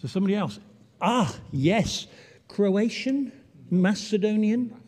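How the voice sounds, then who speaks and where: A man's voice: high-pitched, lively intonation, slow, darkish tone. A man leading an all-age church talk, playful and chatty, drawing the congregation in. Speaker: church leader. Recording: long hall reverb.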